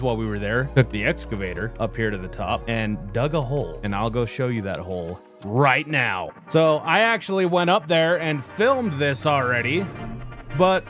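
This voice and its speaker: A young man from the United States narrating a gaming roleplay vlog in a folksy, cussing manner, addressing viewers as boys. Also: medium pitch.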